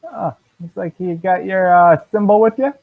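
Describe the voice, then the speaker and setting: A man's voice: high voice, moderate pace, creaky, no echo, narrow, tinny audio, voice pushed up. A man voicing an anxious, friendly male jail guard paladin who rambles and frets. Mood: fretful. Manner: fretful, rambling, full of ums.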